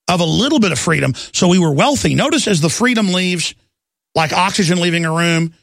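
A man's voice: sits high, fairly bright tone, no room sound, studio quality. A middle-aged man hosting a talk radio show, delivering an urgent, impassioned political monologue. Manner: gravelly, urgent, ranting delivery.

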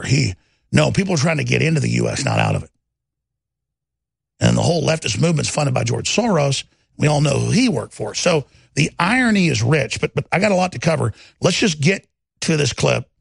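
A man's voice: mid-range voice, creaky, slightly rough, no echo, clean studio sound. A man hosting a broadcast, giving heated, mocking political commentary with lots of insults. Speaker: host.

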